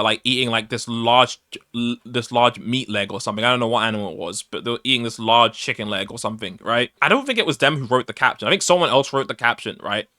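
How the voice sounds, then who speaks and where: A man's voice: mid-range voice, bright, forceful tone, dry recording, clean studio sound. A man ranting in an opinion vlog, exasperated and incredulous, his voice worn out. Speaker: vlogger.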